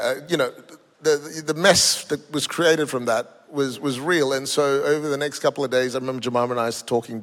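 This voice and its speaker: Gravelly pastor preaching in a hall. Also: male voice, normal speed, fairly bright tone. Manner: storytelling, emphatic, builds to high-pitched peaks. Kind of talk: sermon with personal story. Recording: echoey hall.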